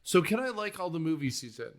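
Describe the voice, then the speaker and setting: A man's voice: on the high side, sing-song, fast talker. A man hosting a movie podcast, chatting casually in a joking way and swearing freely. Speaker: podcast host. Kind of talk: casual movie-review chat.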